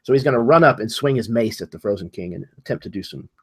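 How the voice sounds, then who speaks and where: A man playing a tabletop game, describing his character's actions in a hesitant way with many pauses. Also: lowish voice, expressive, breathy edge. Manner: hesitant, many ums and restarts. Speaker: player.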